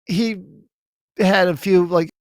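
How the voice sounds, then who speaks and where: A man co-hosting a podcast in casual chat, excitable and often stumbling over his words. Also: high-pitched, slow, no room sound, clean studio sound. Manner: excitable, stammering restarts. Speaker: podcast co-host.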